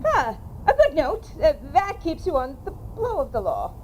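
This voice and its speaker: A woman's voice: sits high, huge pitch swings, moderate pace, darkish tone, slight background noise. A woman playing a merry prankster in an outdoor stage play, laughing often. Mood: amused. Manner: amused, laughing, drawn out.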